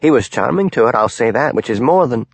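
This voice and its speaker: A man's voice: mid-range voice, lively intonation, fairly quick, husky, no echo, pitched above the performer's own voice. A man putting on a prickly, haughty actress. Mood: defensive. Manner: affronted, defensive. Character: haughty middle-aged actress, defensive and prickly.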